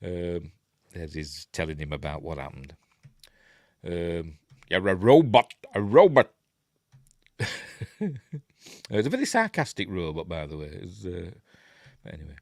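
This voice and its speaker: Middle-aged Yorkshire man, low-ish lively voice, dry close sound, chatty film-review host. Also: moderate pace, gravelly, long pauses, no echo. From Yorkshire, England. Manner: rambling, chuckling asides, many fillers. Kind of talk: casual film breakdown, chatting with live viewers.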